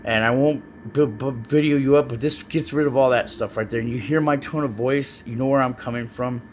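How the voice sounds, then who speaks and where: A man recording a personal video message to his child, talking in an earnest, halting way and often repeating words as he searches for what to say. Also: medium pitch, fairly even intonation, a little hiss or hum. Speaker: parent speaking to his child. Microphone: self-recorded video, facing the camera.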